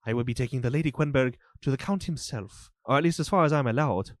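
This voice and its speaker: A man's voice: mid-range voice, dry recording, natural voice. A man voicing a fawning, flustered steward. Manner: rapid, overly polite formal speech. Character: fawning male estate steward, formal and flustered.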